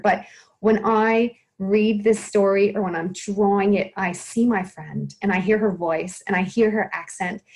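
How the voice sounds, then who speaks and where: A woman talks about her work as a children's author and illustrator, chatty and self-deprecating. She often stops and restarts her sentences, and her voice sits at a middle pitch. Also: gravelly, rough recording. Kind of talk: casual interview answers.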